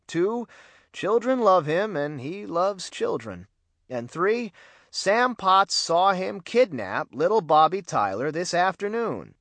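A man reading aloud, voicing a calm, measured middle-aged police chief talking to his son. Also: high-pitched, no echo, voice pushed up, full character voice.

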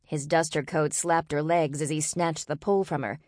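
A woman narrating an audiobook in a steady, expressive reading voice. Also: low-pitched, normal speed, no room sound, clean studio sound. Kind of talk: scripted narration.

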